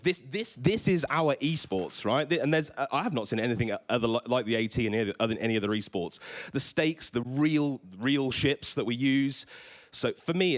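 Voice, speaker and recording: Stammering man giving a stage talk. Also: mid-range voice. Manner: enthusiastic, stammers and repeats words. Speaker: conference presenter. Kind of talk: conference talk with audience questions. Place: event stage before a live audience.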